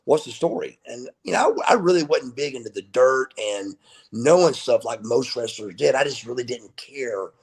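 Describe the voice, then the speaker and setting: A man's voice: medium pitch, normal speed, vocal fry, husky. A middle-aged man, a wrestler guest on an interview show, telling stories and acting out the dialogue. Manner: animated storyteller who acts out quoted dialogue. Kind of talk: casual storytelling interview.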